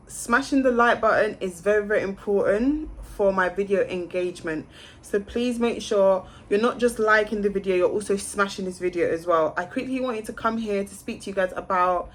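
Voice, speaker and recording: A woman's voice: medium pitch, normal speed. A woman vlogging casually, talking straight to her viewers and swearing freely. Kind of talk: casual vlog.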